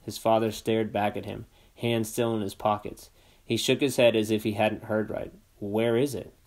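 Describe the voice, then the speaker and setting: A man narrating a novel aloud for a classroom in a steady, unpolished reading voice. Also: lowish voice, moderate pace. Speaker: amateur reader. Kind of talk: read-aloud story narration.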